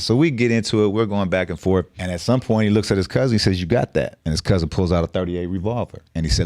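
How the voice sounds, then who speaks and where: A middle-aged man from the Bay Area speaks in a very deep voice. He tells his story in a blunt, profane, streetwise way. The sound is close and dry. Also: fast, few pauses, darkish tone, no room sound. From San Francisco Bay Area. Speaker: guest. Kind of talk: casual storytelling interview.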